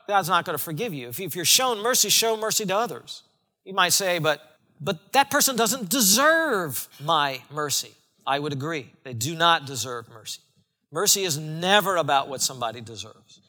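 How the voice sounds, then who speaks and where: Bright-voiced man preaching in reverberant hall. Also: sits high. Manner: emphatic preaching, shifting between loud and hushed. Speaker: pastor. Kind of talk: sermon.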